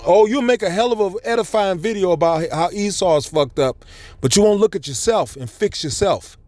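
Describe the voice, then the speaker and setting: A man's voice: sits high, moderate pace, darkish tone, dry recording. Blunt, profane preaching man. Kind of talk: profane street sermon.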